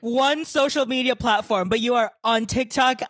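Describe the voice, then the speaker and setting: Podcast co-host: man with a light voice, quick teasing remarks. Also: extremely high pitch, fairly bright tone, a little hiss or hum. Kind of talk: casual chat.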